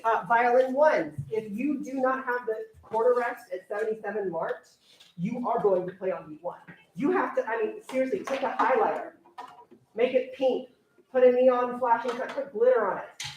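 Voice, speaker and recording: Brisk woman teacher counting off strings. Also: a little high, recorded from a distance, slight background noise. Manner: brisk, counting off and coaching players. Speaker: orchestra teacher. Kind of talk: directing a string rehearsal. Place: rehearsal room with string players. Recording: echoey room, voice from afar, strings playing.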